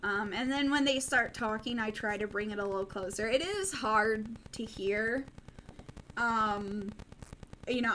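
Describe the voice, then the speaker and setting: A woman's voice: on the high side, fairly bright tone, a little hiss or hum, low-quality recording. A young woman from the Midwest chatting casually on a late-night news livestream, rambling with plenty of ums and restarts. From American Midwest.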